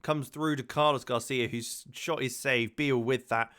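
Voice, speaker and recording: Brief: guy, chatty let's-play commentary, smooth clear voice, dry close sound. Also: medium pitch, steady tone, a little slow, fairly bright tone, dry recording. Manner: chatty, many ums and repeated words. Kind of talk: casual gaming commentary.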